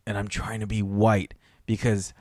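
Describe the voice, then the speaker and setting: A man's voice: lowish voice, completely flat delivery, moderate pace, darkish tone, dry recording, studio quality. American man telling a casual story. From United States. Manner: conversational, storytelling with quoted voices. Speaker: podcast co-host. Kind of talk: casual chat.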